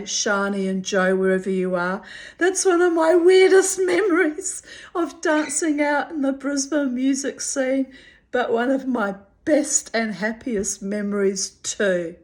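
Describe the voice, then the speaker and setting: A woman's voice: sits high, rough recording. Chatty woman reading old diaries. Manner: animated, laughing, digressive storyteller. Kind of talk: diary reading with chatty asides.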